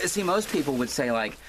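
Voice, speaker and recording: A man's voice: mid-range voice, fairly bright tone. A man chatting casually while he rearranges a room at home, rambling with lots of fillers and restarts and poking fun at himself. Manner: self-deprecating. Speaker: crafting vlogger. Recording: noisy home recording.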